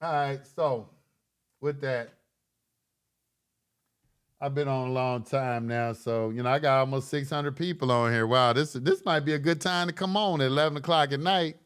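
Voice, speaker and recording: A man's voice: medium pitch, fairly even intonation, normal speed, fairly bright tone, smooth. A middle-aged man hosting a late-night livestream, talking bluntly and profanely in a preachy way that rises to impassioned. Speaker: online course host.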